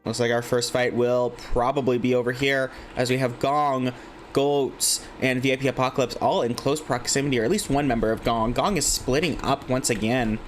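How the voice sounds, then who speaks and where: A man's voice: medium pitch, steady tone, normal speed, faint music behind. A man casting a live online game tournament from his home desk, calling kills and standings in a casual, chatty way with frequent swearing. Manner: casual, swearing, chatty asides between play calls. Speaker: esports caster.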